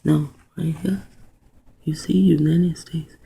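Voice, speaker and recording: A video host giving rambling commentary while reading aloud, spelling words out letter by letter, musing with soft exclamations and often dropping into a whisper. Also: medium pitch, flat delivery, slow pace, gravelly, slightly rough, low-quality recording.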